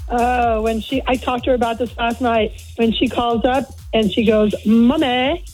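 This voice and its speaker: A woman's voice: fairly high pitch, level tone, moderate pace, a little mellow, soft background music, poor audio. A woman calling into a morning radio show, chatting and laughing with the hosts. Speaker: radio caller. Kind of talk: phone-in chat.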